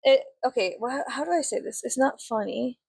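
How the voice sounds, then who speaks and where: Chatty, cursing woman with a gravelly voice. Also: a little high, normal speed, darkish tone, dry recording. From Mexican family. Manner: chatty, swears often, filler-heavy, rambling. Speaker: vlogger. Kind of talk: casual storytime while doing makeup.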